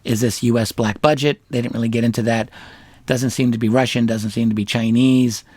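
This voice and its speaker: A middle-aged man talks through a solo analysis at a measured, deliberate pace, pausing on fillers and restarting phrases as he thinks. His voice sits at an ordinary male pitch and is recorded dry and close, with no room around it. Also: fairly even intonation, darkish tone, no room sound. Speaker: show host.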